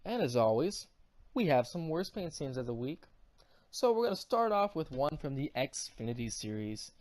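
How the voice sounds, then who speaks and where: A woman's voice: low voice, very animated, normal speed, a little mellow, soft background music. A woman co-hosting a casual podcast, brash, profane and teasing as she gives her commentary. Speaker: podcast co-host.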